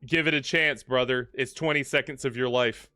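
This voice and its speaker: A man's voice: mid-range voice, fairly even intonation, moderate pace, sharp tone, clear, resonant tone, no room sound, studio quality. A man hosting a gaming livestream, chatting casually and joking with the game characters as he plays. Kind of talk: casual live commentary.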